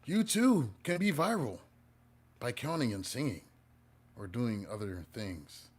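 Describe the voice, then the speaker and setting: A man's voice: medium pitch, expressive, unhurried. Playful, joking man reading tarot. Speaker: tarot reader. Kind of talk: casual live tarot reading.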